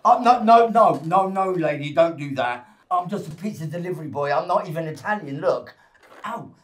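A man's voice: high voice, very animated, normal speed, darkish tone, slight background noise. An actor playing a young pizza delivery boy who puts on a hammy Italian accent and stammers nervously, in a comedy film. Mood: panicked, pleading. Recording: echoey room with music behind.

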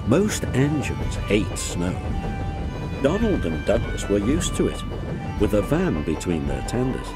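A man narrating a children's storybook aloud in a slow, gently expressive reading. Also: fairly low pitch, loud music behind the voice.

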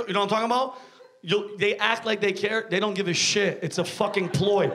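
A man's voice: very high voice, fast, pushed and bright, slight background noise. A man doing a stand-up comedy set, cursing, ranting and riffing with the crowd on a club stage. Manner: profane, ranting, acts out voices, riffs with the crowd. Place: comedy club stage before a live audience.

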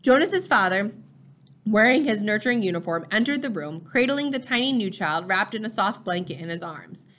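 A woman narrating a novel chapter in a steady, measured storytelling voice. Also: mid-range voice. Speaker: audiobook reader.

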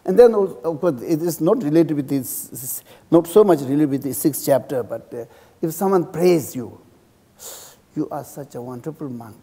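A man who is a Buddhist monk, speaking English with a Tibetan accent as a second language. He teaches a class in halting English and keeps checking in with his students by asking "okay?". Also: on the high side, expressive, mellow, slightly rough. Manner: acts out insults and praise with a laugh. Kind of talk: dharma class lecture. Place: teaching room in a cultural center. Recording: reverberant hall.

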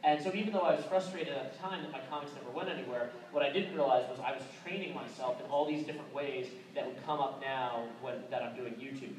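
A man's voice: medium pitch, fast talker, few pauses, a crowd in the background. A young man from Tennessee giving a casual convention talk, loose and chatty with lots of filler sounds and restarts. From Tennessee, USA. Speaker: convention panel speaker. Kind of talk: casual presentation. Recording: echoey room recorded from far off, background noise.

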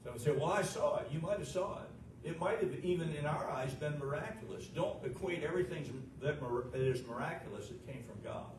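Male pastor, emphatic sermon delivery; higher-pitched, recorded far off in an echoey church. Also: animated, a little fast. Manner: emphatic preaching with rhetorical questions. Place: church sanctuary. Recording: echoey room, distant mic, noisy.

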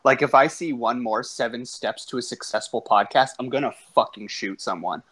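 A man's voice: medium pitch, moderate pace, slightly rough. Blunt, sweary chat-show host man. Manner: blunt, profane, animated anecdotes. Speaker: host and podcast teacher. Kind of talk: casual chat.

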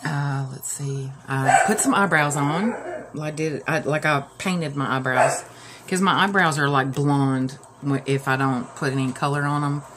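Low-voiced woman chatting through tears. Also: a little slow, noisy background. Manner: rambling, with many fillers and restarts. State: upset, close to tears. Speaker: live-stream host. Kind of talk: casual live-stream chat.

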